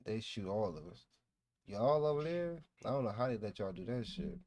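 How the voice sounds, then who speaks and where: A man from Ohio hosting a casual livestream, ranting loudly and joking with lots of swearing. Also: on the low side, animated, normal speed. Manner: loud, profane, joking rant. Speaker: stream host.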